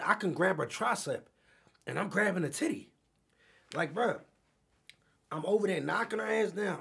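A young man, giving brash, crude reaction commentary as a streamer that swings from mumbling to loud ranting. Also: high voice. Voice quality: gravelly and husky. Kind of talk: casual profane reaction commentary.

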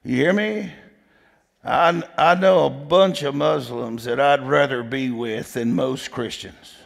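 A man's voice: mid-range voice, takes it slowly, creaky. A man preaching a storytelling sermon in a folksy, emphatic way, pressing the congregation with repeated questions. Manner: folksy, emphatic, repeats "did you hear me". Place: church sanctuary. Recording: long hall reverb.

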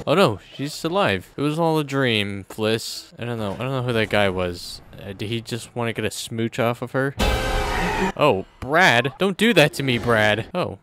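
A man's voice: medium pitch, a bit bright. A man giving casual, joking let's-play commentary on a game over a headset, talking back to the characters on screen. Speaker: gameplay commentator.

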